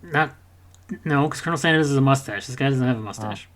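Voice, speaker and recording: A man's voice: medium pitch, quick pace, a bit bright. Male podcast co-host, casual and profane, rambling gaming rant with mock character asides, mid-range voice.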